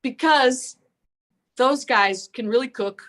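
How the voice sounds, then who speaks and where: A woman's voice: high-pitched, takes it slowly, a bit bright. An older woman performing a raunchy stand-up set over a video call from home, mocking herself and laughing at her own jokes. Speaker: stand-up comic.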